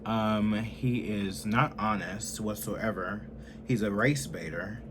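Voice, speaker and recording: A man in his twenties ranting heatedly and profanely in a political commentary, swinging from loud outbursts to low muttering. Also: takes it slowly, background noise. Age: 20s.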